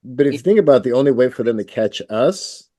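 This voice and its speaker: A man's voice: mid-range voice, animated, quick pace, warm tone, dry recording. A man in his thirties co-hosting a podcast, laid-back and chiming in with short remarks. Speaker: podcast co-host. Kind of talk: casual chat.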